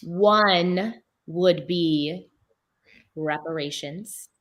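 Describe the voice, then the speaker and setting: A woman's voice: lowish voice, extremely slow. A woman answering as a game show contestant, laid-back and joking with casual slang.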